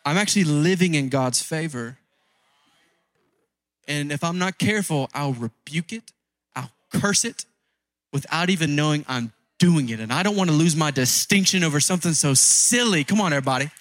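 A man's voice: on the high side, expressive, moderate pace, fairly bright tone, dry recording. A man preaching a conversational sermon as a pastor, pressing his points by repeating key phrases.

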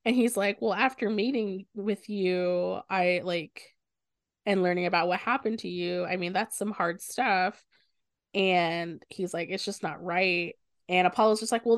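A young woman co-hosting a podcast, retelling a book's plot in lively casual talk and swearing often. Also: medium pitch, normal speed, dry recording, studio quality. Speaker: podcast co-host. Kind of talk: casual book discussion.

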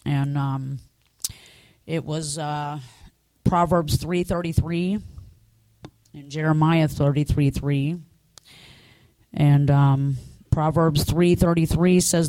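A woman's voice: deep voice, fairly even intonation, takes it slowly, long pauses, mellow, dry recording. A middle-aged woman giving an earnest personal testimony as a church speaker, telling her story in a conversational way.

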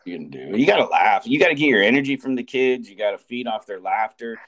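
A man's voice: mid-range voice, animated, fast, a bit bright. A man in his forties, a teacher co-hosting a podcast, telling a rambling story with restarts and frequent laughter. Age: 40s. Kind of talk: casual chat.

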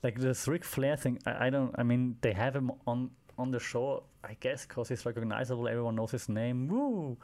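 A man's voice: mid-range voice, flat delivery, a little fast, few pauses, darkish tone. A man hosting a solo podcast, recapping the week's events in a loose, rambling way with frequent fillers and dry asides. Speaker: podcast host. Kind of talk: casual solo wrestling recap.

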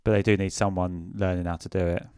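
A man co-hosting a casual wrestling podcast, relaxed and a bit hesitant, often asking questions. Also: low voice, fast, clear, resonant tone, no echo, clean studio sound. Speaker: podcast co-host.

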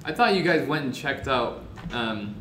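A man's voice: medium pitch, very animated, normal speed, a bit bright. A young man running a tabletop game, recapping the last session in a loose, laughing way with lots of fillers. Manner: casual, laughing, filler-heavy. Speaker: game master. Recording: roomy with background noise.

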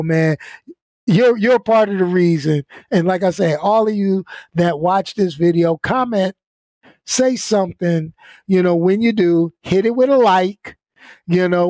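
Dude with a higher voice just venting to his viewers, blunt and easygoing, stumbles over words, dry close mic. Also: mellow, dry recording. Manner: laid-back, blunt, repeats himself, laughs often. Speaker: channel host. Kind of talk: casual venting talk.

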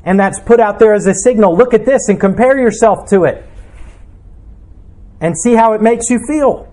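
Man preaching with a high voice. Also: moderate pace, dark tone. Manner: earnest, reflective preaching with rhetorical questions. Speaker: pastor. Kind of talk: sermon.

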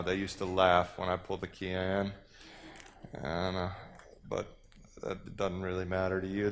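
A man giving a casual sermon talk at a youth retreat, relaxed and joking, with many halting fillers, speaking into a stage microphone in a large venue. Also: on the low side.

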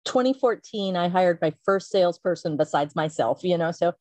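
Animated businesswoman telling stories. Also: normal speed, no echo. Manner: animated storyteller, acts out quotes with big pitch jumps. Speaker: company founder, guest. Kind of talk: casual storytelling interview.

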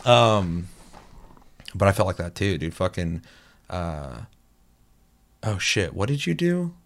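A man with a low voice tells gaming stories in casual chat. He is animated and swears freely. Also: slow. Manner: animated storytelling, heavy swearing.

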